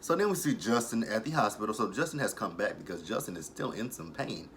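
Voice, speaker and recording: A young adult man giving a casual, profane recap of a TV episode. He tells it as an animated story and breaks into laughter often. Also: on the low side, a little fast, a little hiss or hum. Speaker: TV episode reviewer.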